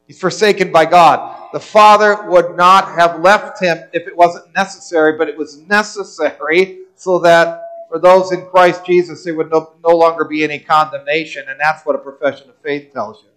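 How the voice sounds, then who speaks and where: Male pastor with a high voice, earnest sermon delivery. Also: fairly even intonation, moderate pace, fairly bright tone, rough recording. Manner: earnest preaching, repeats words when restarting.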